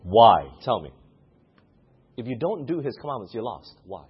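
A man's voice: mid-range voice, sing-song, normal speed, husky. A man preaching a sermon who keeps putting questions to the congregation. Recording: muffled lo-fi recording.

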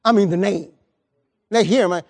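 A man's voice: high-pitched, moderate pace. A man preaching a sermon as pastor, emphatic and colloquial, repeating words and pressing his points to the congregation. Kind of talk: lively sermon.

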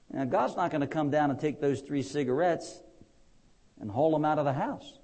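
A man's voice: fairly high pitch, normal speed, mellow. A man preaching a conversational sermon, with rising emphatic peaks and frequent fillers.

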